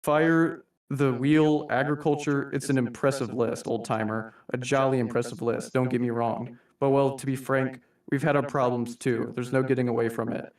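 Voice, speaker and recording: Man doing a masked male anarchist, mock-polite, formal, measured, roomy sound. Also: mid-range voice, steady tone, darkish tone, lightly acted. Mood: scolding. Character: V, theatrical masked male anarchist lecturing humanity like a boss. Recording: roomy, distant mic.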